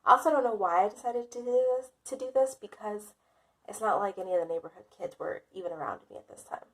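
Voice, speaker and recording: A woman's voice: medium pitch, fast, a bit bright. Woman vlogger, dramatic storyteller who pokes fun at herself. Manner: dramatic and self-mocking, laughs often. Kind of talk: casual storytime.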